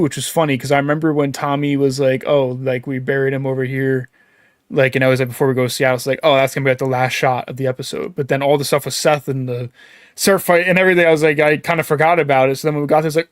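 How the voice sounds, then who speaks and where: A man co-hosting a casual podcast, excitable, swearing freely and laughing as he talks. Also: medium pitch, smooth, no echo, clean studio sound. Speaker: podcast co-host. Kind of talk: casual live-stream chat.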